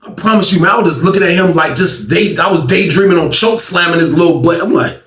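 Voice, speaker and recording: A man casually telling a story in a slangy, animated way, acting out scenes. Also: sits high, fast. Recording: roomy sound from a distant mic.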